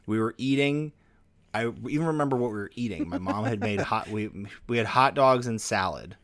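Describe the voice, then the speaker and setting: A man's voice: on the low side, a little fast, a bit bright. A man hosting a podcast, telling a story in casual chat, full of "like" fillers. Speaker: podcast host.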